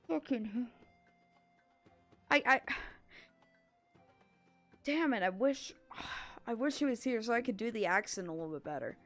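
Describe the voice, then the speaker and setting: A gaming channel host plays a video game while commenting, reading characters' lines aloud in playful voices and giggling often. Her voice sits on the high side and is expressive and fairly bright, a little slow with long pauses. Faint game music plays in the background.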